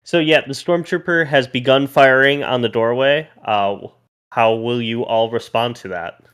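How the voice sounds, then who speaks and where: A man's voice: medium pitch, unhurried, fairly bright tone, smooth. A man narrating a tabletop role-playing game as game master, in a casual, loose way that thinks aloud.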